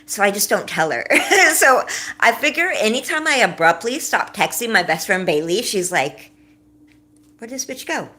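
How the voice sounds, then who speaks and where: A woman's voice: medium pitch, lively intonation, normal speed, bright, forceful tone. A young woman hosting a livestream, chatting casually, laughing often and answering her chat as she goes. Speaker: livestream host.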